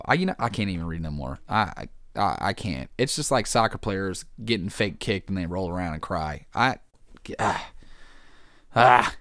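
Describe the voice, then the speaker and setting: A man's voice: on the low side, no room sound, clean studio sound. A man casually reading headlines aloud and reacting to them, joking and rambling, calling people "man" and "dude". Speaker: vlogger reacting to news.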